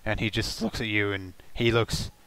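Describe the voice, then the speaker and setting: A man narrating a tabletop game as game master, casual and halting as he describes the scene. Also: lowish voice, fairly even intonation, a bit bright, clean tone, dry recording.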